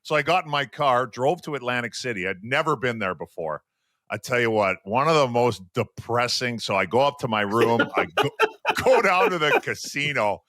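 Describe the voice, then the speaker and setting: A former hockey player in his forties from Western Canada, now a podcast co-host, tells stories casually and animatedly, acting out quotes. His voice is medium-pitched at a moderate pace. The sound is studio quality with no room sound.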